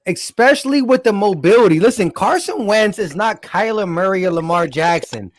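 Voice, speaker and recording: A man's voice: high voice, lively intonation. Emphatic man co-hosting a sports podcast. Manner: quick, stumbling, emphatic. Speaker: podcast co-host. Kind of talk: casual sports chat.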